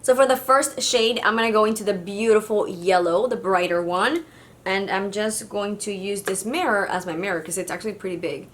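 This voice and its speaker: A woman from Mexico talks through her makeup routine as a beauty vlogger. She speaks in a mid-range voice, casual and chatty, with little hesitations. She sounds friendly and unhurried. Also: medium pitch. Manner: chatty and casual, with fillers like "kind of like". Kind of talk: makeup tutorial narration.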